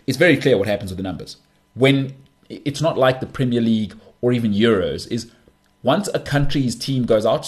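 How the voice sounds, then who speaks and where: Emphatic man ranting about sport. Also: mid-range voice. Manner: emphatic, repeats himself, animated rants. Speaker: podcast host. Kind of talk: opinionated sports talk.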